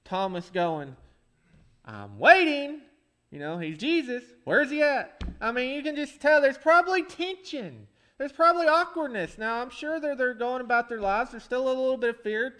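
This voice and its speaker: A pastor preaching a folksy sermon that swells into emphatic calls. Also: male voice, very high-pitched, animated, moderate pace, bright, forceful tone, clear, resonant tone.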